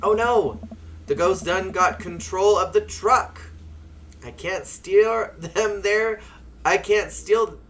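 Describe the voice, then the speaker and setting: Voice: mid-range voice, takes it slowly, a bit bright, voice pushed up. A streamer voicing a goofy trucker and ghost hunter from a TV show, hammy and over the top. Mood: panicked.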